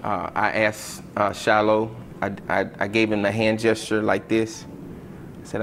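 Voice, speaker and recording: A man's voice: fairly low pitch, unhurried, gravelly, soft background music. A man who works as a school coach, retelling an incident in an interview and acting out the quotes. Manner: animated retelling, acts out quotes. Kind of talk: interview storytelling.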